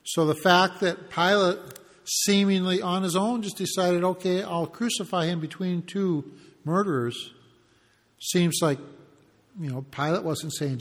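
High-voiced man preaching in a reverberant hall. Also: a little slow. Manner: conversational, acts out the mockers' taunts in asides. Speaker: pastor. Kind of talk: expository sermon.

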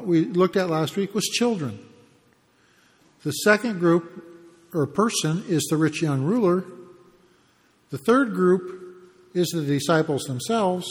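A man preaching a sermon, explaining the passage in a conversational way with pauses and restarts. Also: sits high, in a large hall. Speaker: pastor.

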